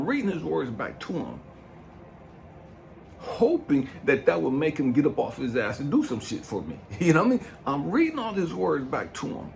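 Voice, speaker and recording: A man in his fifties, a life coach giving a blunt, profane motivational talk. He swings from low brooding to loud, fired-up preaching. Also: sing-song, normal speed, vocal fry, a little hiss or hum. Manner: blunt and profane, keeps asking "you know what I mean". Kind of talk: impassioned motivational monologue.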